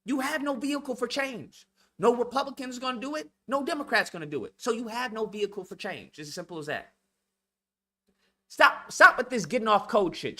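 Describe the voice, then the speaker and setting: Man, high-pitched, bright edge; hosts a blunt, profane lecture-style rant. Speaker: channel host. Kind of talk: heated monologue rant.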